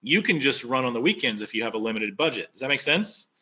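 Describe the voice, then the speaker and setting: A man's voice: mid-range voice, expressive, fast, pushed and bright, breathy edge. A man presenting a casual teaching webinar over a video call, loose and conversational, full of "you know" fillers and rhetorical questions. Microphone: computer mic on a video call. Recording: dull lo-fi online call audio.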